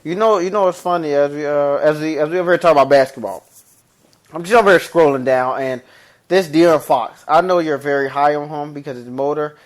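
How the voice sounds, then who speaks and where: A man co-hosting a podcast, talking sports in a casual, animated way, repeating himself and restarting sentences. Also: fairly high pitch, a little fast. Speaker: podcast co-host.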